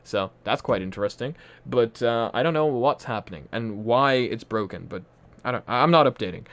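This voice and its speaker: A man's voice: medium pitch, lively intonation, moderate pace, a bit bright, no echo. A man from Poland with a mixed, partly Irish accent, casually chatting and rambling on a live stream with frequent laughs from a home room. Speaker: livestream host. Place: home room with a ring light.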